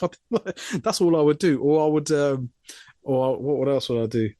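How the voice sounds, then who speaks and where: With a mid-range voice and a moderate pace, a young podcast co-host speaks in a studio-quality recording with no echo. He casually shares a humorous work story, acting out the people in it and mimicking their lines.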